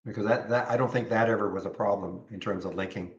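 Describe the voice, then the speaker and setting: A man's voice: on the low side, steady tone, fast, lo-fi sound. Casual man talking over stock charts. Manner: conversational, repeats words, answers chat viewers by name. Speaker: live trading room host. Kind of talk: live stream commentary on charts.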